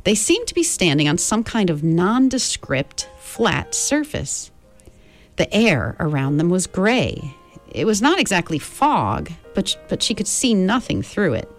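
A woman narrating a storybook with an expressive, lively, swinging delivery. Faint music plays beneath her reading. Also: lowish voice, unhurried. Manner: expressive, voices each character. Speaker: audiobook narrator.

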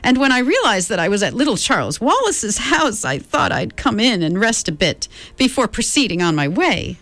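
A woman voicing an eccentric, cheerful old woman tramp with a creaky voice like an unoiled gate, drawn out and fond. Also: a little high, very animated, fairly bright tone, no echo, voice pushed up, full character voice. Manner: fond, chattering, slow and drawn out.

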